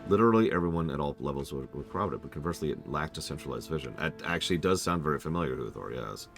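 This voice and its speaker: A man's voice: rumbling low, fast talker, vocal fry, soft background music. A man streaming a game, chatting casually and joking while he plays. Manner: lively, joking, self-correcting. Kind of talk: casual gaming commentary.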